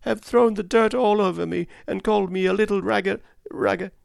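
Squeaky high little girl all teary and halting, man putting her on, dry close sound. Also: steady tone, creaky, dry recording. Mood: tearful. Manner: tearful, halting. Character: little girl, sobbing and upset.

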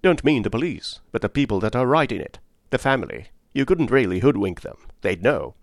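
Male reader doing a brusque middle-aged woman, curt and clipped, raised pitch, dry close sound. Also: very animated, brisk, no room sound. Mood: blunt. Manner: clipped, drops words.

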